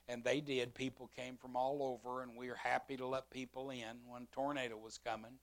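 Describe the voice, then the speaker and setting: A man's voice: medium pitch, level tone, brisk, few pauses. A middle-aged man, a pastor telling a story in a sermon and acting out both sides of conversations.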